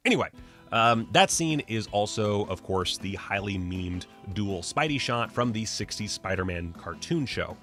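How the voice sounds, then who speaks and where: A man's voice: sits low, lively intonation, moderate pace, fairly bright tone, faint music behind. A man narrating a movie-trivia video in a casual, enthusiastic way, with joking asides. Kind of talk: casual pop-culture commentary.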